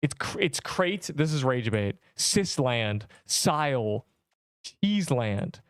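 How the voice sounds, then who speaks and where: A man's voice: medium pitch, sing-song, slow, clear, resonant tone, dry recording, studio quality. A young man chatting on a game livestream, rambling in slang and joking with mock outrage at his chat. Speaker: game streamer.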